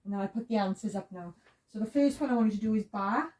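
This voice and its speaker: Patient woman teaching, slow and mellow. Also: mid-range voice, far from the mic, poor audio. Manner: patient, repeats sounds and steps. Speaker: Hebrew teacher. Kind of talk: slow step-by-step lesson.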